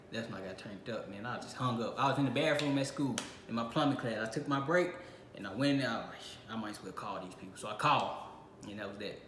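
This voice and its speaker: His voice runs on the low side, quick and fairly bright, as this young Illinois channel host relates a casual story about himself and dramatizes his own reactions. Faint noise and echo fill the room.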